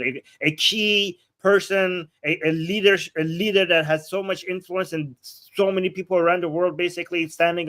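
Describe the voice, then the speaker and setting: A man with a slightly raised pitch hosts a political livestream. He reads news items aloud and reacts bluntly, often sarcastic, stumbling over restarts as he thinks aloud. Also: fairly bright tone. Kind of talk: casual commentary reading and reacting.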